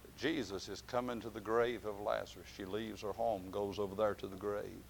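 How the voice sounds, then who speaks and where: A man preaching a sermon, dropping to quiet, drawn-out phrases and then rising to loud shouted climaxes. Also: lowish voice, steady tone, vocal fry, a little hiss or hum.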